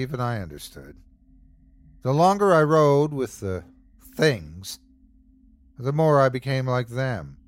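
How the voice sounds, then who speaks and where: A male podcast host narrates a horror story in measured, dramatic tones. His delivery is slow, and his pitch rises and falls expressively from line to line.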